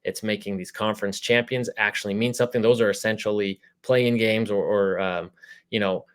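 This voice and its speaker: A man hosting a casual sports interview podcast, talking in a relaxed, rambling way with lots of fillers. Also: fairly low pitch, fairly quick, clear, resonant tone. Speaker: podcast host.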